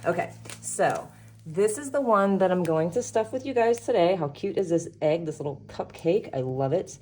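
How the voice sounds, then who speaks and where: An expressive woman with a low, darkish voice speaks at normal speed while hosting a savings challenge vlog. Chatting casually and cheerfully with viewers during crafts, she laughs a lot and sounds a little winded.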